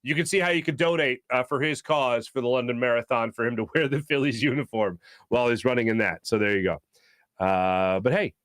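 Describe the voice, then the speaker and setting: A man's voice: mid-range voice, a little fast, a bit bright, no room sound, studio quality. Chatty male sports talk host. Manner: chatty, rambling, lots of fillers. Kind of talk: casual sports radio chat.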